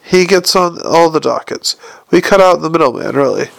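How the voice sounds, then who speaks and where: A man's voice: a little high, lively intonation, moderate pace, gravelly, no echo. A man voicing an old working-class male foreman who explains things patiently in broad, plain speech, as in an audiobook. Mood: patient, explaining. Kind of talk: audiobook character voice.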